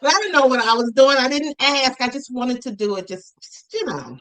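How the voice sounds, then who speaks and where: A woman author chatting as a podcast guest, telling animated stories and acting out her parents' voices. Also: high-pitched, moderate pace, rough recording. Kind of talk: casual podcast conversation.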